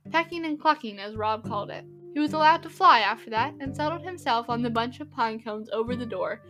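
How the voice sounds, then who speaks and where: A woman narrating a classic novel in a measured, expressive reading. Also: sits high. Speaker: audiobook narrator. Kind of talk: storybook reading. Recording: reading over music.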